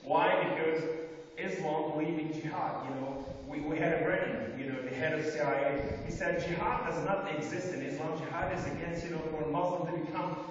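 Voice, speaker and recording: A man's voice: a little high, steady tone, fairly quick. A man giving an emphatic, repetitive preaching talk to an audience, recorded on a phone from the audience in a large hall. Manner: emphatic, repetitive, rising and falling in force. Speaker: speaker addressing an audience. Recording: dull, distant, echoey hall phone recording.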